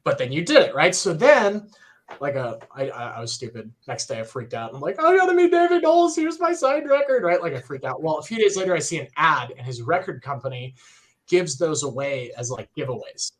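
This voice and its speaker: A young man telling a story in a casual, excited way on a podcast livestream, full of fillers and acted-out quotes. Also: mid-range voice, a little fast. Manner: excited, animated retelling with many fillers. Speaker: podcast co-host.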